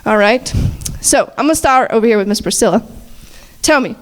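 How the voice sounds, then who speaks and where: Her voice sits on the high side and moves fairly quickly. Hosting a chapel-service panel on campus, she laughs a lot and lobs playful, teasing questions, sharing a handheld microphone with the guests.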